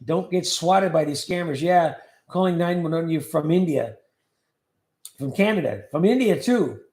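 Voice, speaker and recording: A man's voice: fairly high pitch, lively intonation, normal speed, darkish tone. A man hosting a livestream, casually chatting and joking as he reads viewer comments aloud. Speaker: livestream host. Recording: echoey room.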